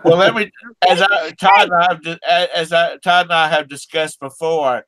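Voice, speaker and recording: A man's voice: fairly high pitch, steady tone, moderate pace, bright, forceful tone. A man teasing friends in a folksy, rambling way on a casual group video call. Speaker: group chat participant.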